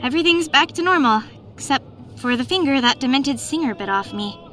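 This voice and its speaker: A tough, wry young woman shrugs off wounds with dry reassurance. Her voice sits high. Faint game music plays behind her. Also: lively intonation, fairly quick, a bit bright. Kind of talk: video game voice acting.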